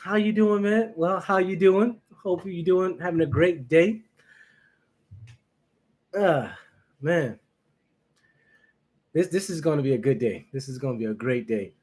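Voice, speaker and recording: A man's voice: on the high side, a little slow, long pauses, a little mellow. A man hosting his first livestream, chatting casually and nervously with viewers, greeting them by name and laughing often. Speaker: livestream reaction host.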